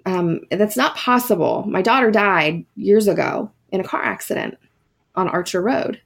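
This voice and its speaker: A woman voicing an apologetic old mother who speaks softly about her dead daughter. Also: mid-range voice, expressive, normal speed, vocal fry, slightly rough. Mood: sorrowful.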